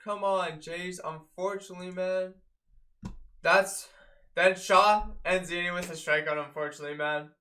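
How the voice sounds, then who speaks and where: An excitable, chatty man, recapping a game for his viewers. His voice is bright and fairly high for a man, with a casual, fan-to-fan delivery. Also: moderate pace. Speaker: fan recapping baseball games.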